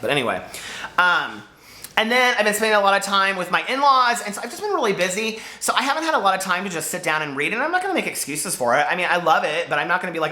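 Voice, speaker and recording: Lively, bright-voiced chatty man. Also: high-pitched, quick pace, roomy sound. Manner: chatty, rambling, jumps between topics. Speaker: book vlogger. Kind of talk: casual chat to camera.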